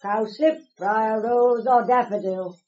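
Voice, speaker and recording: A woman playing a cryptic, teasing old witch in a radio drama, speaking slowly with a sing-song, swooping voice. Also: fairly high pitch, fairly even intonation, darkish tone. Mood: offering. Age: older. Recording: muffled lo-fi recording with noise.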